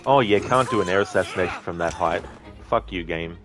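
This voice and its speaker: Profane Australian gaming streamer. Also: male voice, sits low, a little fast, over music. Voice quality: profane, blunt. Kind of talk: casual live commentary, reading chat.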